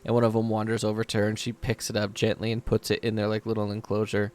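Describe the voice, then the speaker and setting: A man's voice: on the low side, completely flat delivery, fast, darkish tone, a little hiss or hum. A man narrating as game master in a tabletop game, casual and laughing, with lots of fillers.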